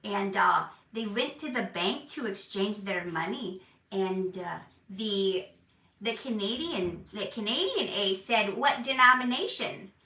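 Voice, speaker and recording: Woman imitating a corny Minnesotan dad, homespun, bright tone, roomy and a bit distant. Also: medium pitch, lively intonation, a little slow. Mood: folksy. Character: folksy older Minnesotan dad telling corny jokes. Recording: roomy, a bit far from the mic.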